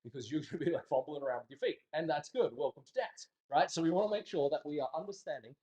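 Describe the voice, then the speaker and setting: A man teaching a dance class in a studio, talking casually and in an animated way, joking bluntly and swearing now and then. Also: on the high side, fast talker, lo-fi sound. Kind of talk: casual instructional talk.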